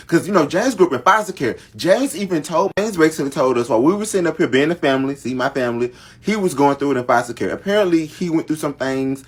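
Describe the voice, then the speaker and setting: A man's voice: on the high side, animated, fast talker, husky. A man telling a long family story in casual storytime fashion, dramatic and talking straight to his viewers. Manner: dramatic, addresses viewers directly. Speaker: storytime vlogger.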